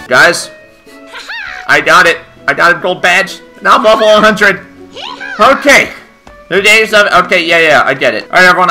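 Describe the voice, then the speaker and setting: A male gaming host talks through his play in an excited commentary, full of loud exclamations. His voice sits high and swoops widely in pitch. The tone is very bright and sharp. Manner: exclaiming, loud reactive outbursts.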